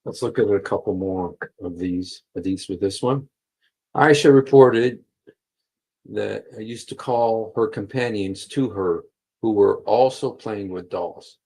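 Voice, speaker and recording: This livestream host reads passages aloud and comments emphatically, repeating key phrases and filling pauses often. He speaks unhurriedly in a low, darkish, husky voice. The recording, made on a computer mic, is low quality.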